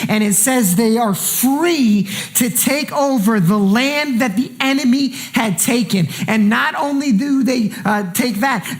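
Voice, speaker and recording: A man preaching a sermon as pastor, impassioned and colloquial, swinging between quiet lines and shouted ones and repeating phrases for emphasis. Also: extremely high pitch.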